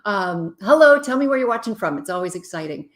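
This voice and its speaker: A woman hosting a live relationship-advice stream. She chats, greets viewers, reads out their comments and answers them bluntly, sounding tired after a long day. Her voice grows louder and quieter as she moves toward and away from the mic. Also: medium pitch, very animated, brisk. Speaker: relationship expert host. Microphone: webcam mic, moves toward and away from it.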